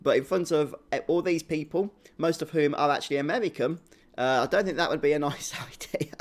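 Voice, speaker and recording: His voice sits on the high side and moves briskly as the young Birmingham streamer from England talks through his live game. He reads out viewer messages and answers them in a chatty, laughing, self-mocking manner.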